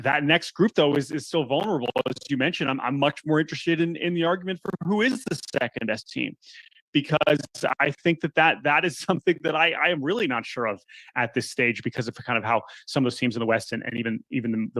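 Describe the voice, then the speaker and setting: A man talking baseball as a guest on a sports radio show, animated and often restarting his words, calling in by phone. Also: mid-range voice, dry recording. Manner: animated, repeats words when starting thoughts. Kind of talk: casual sports radio chat. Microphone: phone line call-in.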